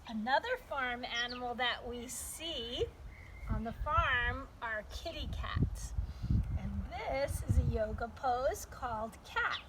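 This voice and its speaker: High sing-song woman coaching kids' yoga. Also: expressive, takes it slowly, background noise. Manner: gentle, coaxing, playful with sound effects. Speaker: yoga teacher for young children. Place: outdoors in a yard with birdsong. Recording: outdoor recording with loud birds. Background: loud birdsong.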